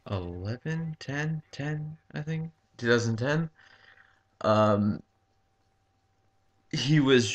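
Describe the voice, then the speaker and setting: A man casually telling a rambling story over gameplay, halting often with ums and likes and swearing freely. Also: on the low side, fairly bright tone. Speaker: gaming commentator.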